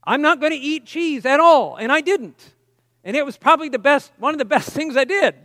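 A man with a very high speaking voice teaches a sermon in a relaxed, conversational way, stopping for asides and reading quotations with emphasis. The voice sounds close and dry, yet a long reverb lingers behind it as in a large hall. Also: fairly quick. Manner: conversational, explains with asides and reads quotes emphatically. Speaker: preacher.

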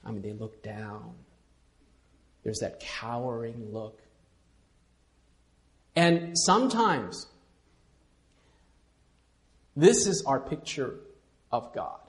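A man preaching a sermon as pastor, swinging from quiet intimate asides to loud emphatic lines and leading the congregation to repeat after him. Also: medium pitch, expressive, takes it slowly, long pauses. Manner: leads congregation in call-and-response.

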